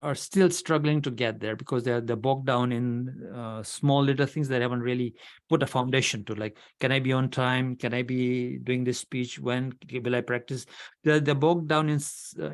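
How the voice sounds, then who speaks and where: This club leader runs a member orientation online in a frank, no-nonsense manner, frequently starting over mid-thought. He talks at a moderate pace with a medium pitch and fairly level intonation.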